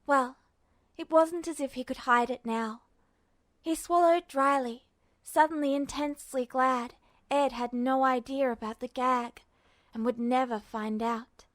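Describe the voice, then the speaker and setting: A woman reading a fanfiction story aloud as a podfic, with steady, measured narration. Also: high voice, no echo. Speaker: podfic reader.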